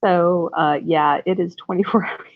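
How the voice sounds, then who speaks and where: A woman with a fairly low voice chats casually on her livestream from home. Her talk is rambling and effusive, with frequent laughs. The sound is thin and phone-like, with a dry, close feel. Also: steady tone, moderate pace, dry recording. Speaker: livestream host.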